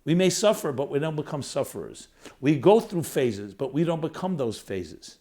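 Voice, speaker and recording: A male rabbi delivers a reflective spiritual lecture, his voice sitting a bit higher than most men's. He stacks short phrases one after another. His emphasis swells and then settles back down. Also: sing-song, normal speed, mellow. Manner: reflective, builds lists of short phrases, rises and falls in emphasis. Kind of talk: spiritual talk.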